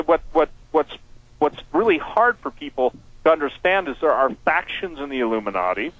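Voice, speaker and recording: A man's voice: on the high side, no room sound, phone-quality sound. A man as a guest on a talk radio show, speaking emphatically and animatedly. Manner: emphatic, animated, quotes people in voices. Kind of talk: radio interview over a line.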